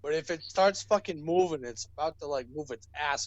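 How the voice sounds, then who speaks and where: A man's voice: on the high side, lively intonation, fairly quick, no room sound, muffled recording. A man from Maine telling a story on a casual podcast, swearing constantly. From Maine, United States. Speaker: podcast co-host.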